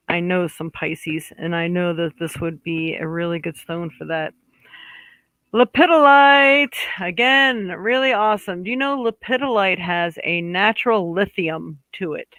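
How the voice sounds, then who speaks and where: Speaking slowly in a high, animated voice, a psychic card reader offers a chatty monthly horoscope card reading. He addresses viewers and spirit directly, mixing warm asides with plenty of fillers and restarts. The recording is dry and rough.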